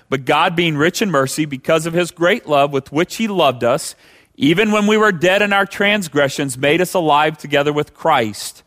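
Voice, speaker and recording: A male pastor delivers a sermon in a conversational way. His voice sits high for a man. He keeps asking the congregation rhetorical questions. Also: fairly bright tone.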